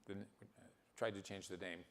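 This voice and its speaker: An older man giving a conference talk, speaking haltingly with many fillers and restarts. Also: deep voice, flat delivery. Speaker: keynote speaker.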